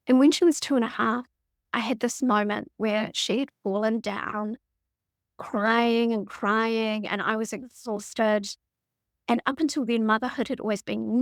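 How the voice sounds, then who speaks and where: A middle-aged woman speaks as a podcast guest, recounting her own story in an earnest, open, reflective way. Her voice sits a touch high for a woman. It is recorded close and dry, with no room sound. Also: no echo. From New Zealand. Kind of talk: personal storytelling in conversation.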